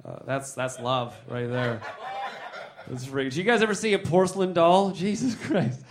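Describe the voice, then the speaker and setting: A man's voice: fairly high pitch, fairly even intonation, moderate pace. A man doing stand-up comedy, rambling, joking and talking with the crowd.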